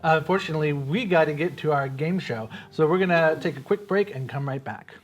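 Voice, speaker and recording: Relaxed higher-voiced male talk show host. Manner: loose, halting, with restarts and laughs. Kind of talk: casual talk show chat.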